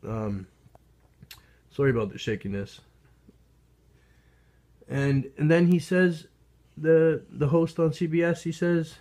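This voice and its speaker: A man's voice: on the high side, darkish tone. A man from Canada commenting casually into his phone, rambling and sarcastic, with many restarts and chuckles. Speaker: vlogger. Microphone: phone held up to a TV.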